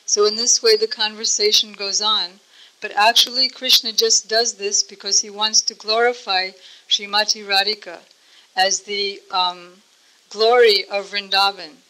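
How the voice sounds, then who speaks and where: Slow, gentle woman teaching. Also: medium pitch, level tone, low-quality recording. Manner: gentle, deliberate, explanatory. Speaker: religious teacher. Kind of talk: devotional storytelling talk.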